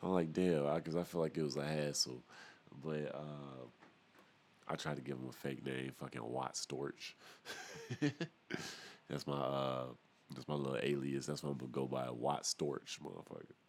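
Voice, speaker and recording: Man, very low voice, young adult, profane casual podcast rant, solo host. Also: normal speed, vocal fry. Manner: profane, animated ranting with laughs.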